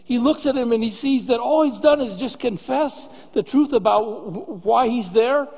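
A man's voice: very high voice, normal speed, a little mellow, slightly rough, long reverb tail. A man preaching a sermon as a pastor, talking in an easy, conversational way and often asking rhetorical questions.

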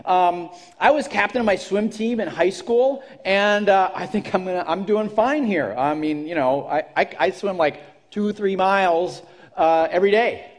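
A man's voice: high voice, normal speed, natural voice. Man doing a boastful swimmer woman. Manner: rambling, self-assured.

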